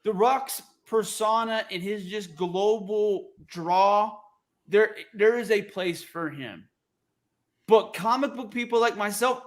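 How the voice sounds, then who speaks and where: A man with a notably high voice riffs through casual podcast banter. He is opinionated, profane and animated, and he jumps from one take to the next. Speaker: podcast co-host. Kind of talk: casual chat.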